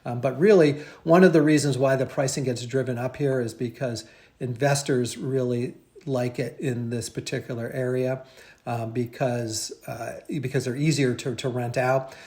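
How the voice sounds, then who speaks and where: A man's voice: mid-range voice, fairly even intonation, normal speed, darkish tone. A man working as a real estate agent, explaining over a map in a casual, conversational way with many fillers and restarts.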